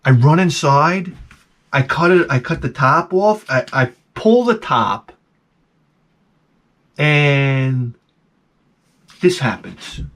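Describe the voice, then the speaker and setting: Older male vlogger, high and very expressive, salty comic storyteller. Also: takes it slowly, long pauses. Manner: animated, profane, acts out his own reactions. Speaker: vlog host.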